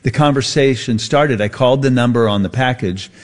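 A man co-hosting a radio show, chatting casually and telling a rambling anecdote. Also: medium pitch. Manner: easygoing storyteller, drawn-out anecdotes. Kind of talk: casual on-air chat.

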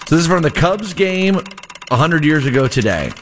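A man's voice: mid-range voice, sing-song, fast, slight background noise. A man filling in as radio host, chatting casually in an amused, self-correcting way.

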